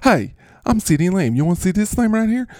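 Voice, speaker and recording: A man's voice: high voice, very animated, fairly quick, warm tone, dry recording, pitched above the performer's own voice. Give me a man putting on an eager folksy farmer with a drawl, talking up his lambs in a dry close mic. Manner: drawling and pushy, keeps showing off. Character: folksy eager male lamb farmer, proud and chatty. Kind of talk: comedy podcast character bit.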